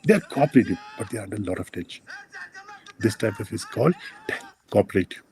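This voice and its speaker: A man lecturing dental students, explaining plainly with many pauses and fillers and addressing the class directly. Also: lowish voice, lively intonation, darkish tone. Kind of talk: university lecture.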